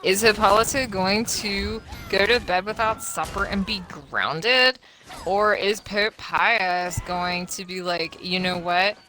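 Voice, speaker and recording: A woman's voice: mid-range voice, steady tone, slow, bright, forceful tone. A woman co-commentating a live game event in a chatty manner, full of fillers and asides to the viewers.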